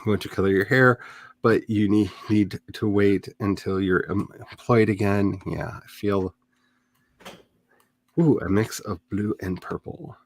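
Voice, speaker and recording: A middle-aged man with a lowish voice hosts a casual writing livestream, chatting animatedly with quick laughs and dramatic asides.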